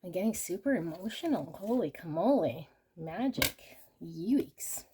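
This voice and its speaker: A woman's voice: fairly low pitch, animated, a little slow, background noise. A woman hosting a pick-a-card tarot reading, talking in a gushing, exclamatory way as she turns the cards. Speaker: tarot reader.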